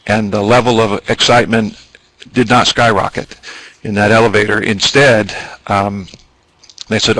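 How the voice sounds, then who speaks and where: Bright-voiced man presenting a webinar. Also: lowish voice, steady tone, normal speed, no echo, low-quality recording. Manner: wordy, explanatory, with ums and asides. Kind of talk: business training webinar.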